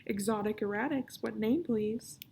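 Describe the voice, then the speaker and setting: A woman's voice: on the high side, moderate pace, gravelly, warm tone, a little hiss or hum. A woman voicing a formal, curt museum receptionist answering the phone in a storybook reading. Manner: stiffly formal.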